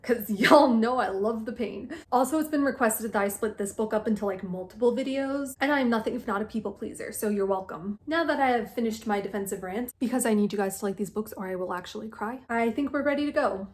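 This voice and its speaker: A woman's voice: on the high side, quick pace, hardly any pauses, darkish tone. A young woman doing a chatty, gushing book recap full of self-mocking asides. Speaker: book vlogger.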